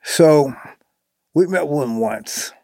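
An older man in a relaxed interview, his voice gravelly and husky. He talks haltingly, full of ums and you-knows, and the sound is close and dry. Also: on the high side, no room sound. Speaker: musician guest. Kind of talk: casual interview talk.

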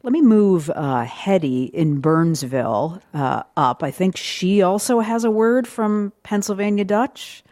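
A woman hosting a call-in radio show, asking quick, lively questions of her guest and callers. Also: on the low side. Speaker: radio host.

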